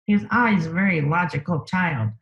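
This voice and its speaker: A woman guest in a conversational interview, telling a personal story in an unhurried way, thinking aloud with lots of fillers. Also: lowish voice, creaky, a bit bright, lo-fi sound.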